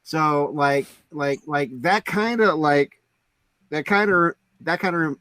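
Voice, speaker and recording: Here a man with a higher-sitting, slightly bright voice talks slowly as a podcast co-host. His casual storytelling wanders, packed with fillers, especially "like".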